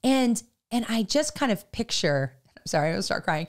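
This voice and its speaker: Casting note: middle-aged woman, fairly high voice, halting and heartfelt faith-podcast host. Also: sing-song. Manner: halting, filler-heavy, growing emotional and earnest. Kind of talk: faith-based casual podcast talk.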